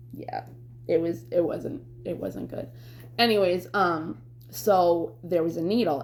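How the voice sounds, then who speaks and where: A woman's voice: low-pitched, darkish tone, slight background noise. A young woman vlogger telling a personal story candidly, rambling and swearing, with lots of fillers. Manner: rambling, profane, full of fillers.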